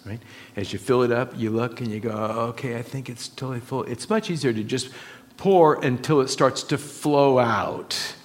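A man preaching a sermon to his church, slow and emphatic, building on repeated phrases. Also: mid-range voice. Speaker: pastor.

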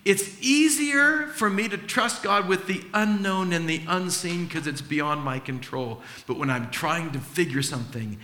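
A man preaching a sermon, animated, acting out the voices of people in the story he tells. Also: high voice, measured pace, few pauses. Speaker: pastor. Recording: echoey hall.

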